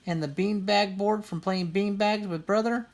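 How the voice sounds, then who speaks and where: A woman voicing a small girl bear cub, excitable and easily frightened, in a storybook reading. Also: normal speed, natural voice. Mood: curious. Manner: high, wailing when scared.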